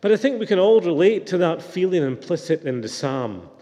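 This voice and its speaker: A man's voice: high voice, big pitch swings, a little fast, dark tone, long reverb tail. A man preaching a sermon in a reflective, questioning manner.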